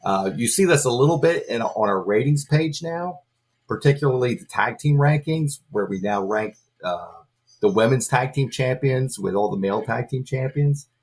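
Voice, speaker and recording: A man speaking as a guest on a wrestling podcast, explaining things in a measured, informative way. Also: medium pitch, expressive, a little mellow. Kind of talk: casual podcast chat.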